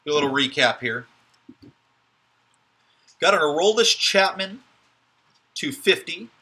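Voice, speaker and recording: Slow, sharp-voiced man hosting a card break. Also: mid-range voice. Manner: joking, chatty running commentary. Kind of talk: live card break commentary.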